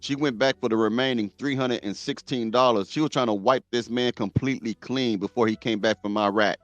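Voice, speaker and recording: A middle-aged man talks straight at his audience in a blunt, preachy way, hammering his points home by repeating them. His voice sits at an ordinary pitch, and the sound is dry and close. Faint music runs underneath. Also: steady tone, a little fast, a bit bright, dry recording, lo-fi sound. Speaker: host. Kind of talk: reaction commentary.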